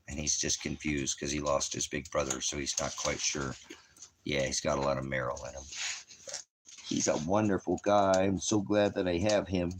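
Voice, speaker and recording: A man talking casually at home in a rambling, halting way that trails off. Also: rumbling low, a bit bright, slight background noise. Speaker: vlogger. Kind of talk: casual personal talk to camera. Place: at home indoors.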